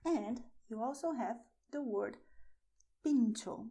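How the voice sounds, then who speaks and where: A woman teaching beginners to pronounce words, repeating each one slowly and carefully. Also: fairly high pitch, animated, warm tone, husky. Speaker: Spanish teacher. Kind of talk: slow pronunciation lesson for beginners.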